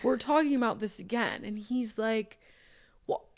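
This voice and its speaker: A chatty young woman with a high voice trades stories on a casual podcast. She talks in a relaxed way and often finishes her co-host's sentences. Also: normal speed. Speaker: podcast co-host. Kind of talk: casual chat.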